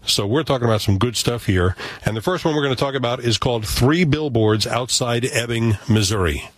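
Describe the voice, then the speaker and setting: A man co-hosting a casual movie review discussion, measured and explanatory with dry teasing. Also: mid-range voice, no room sound. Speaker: film critic co-host.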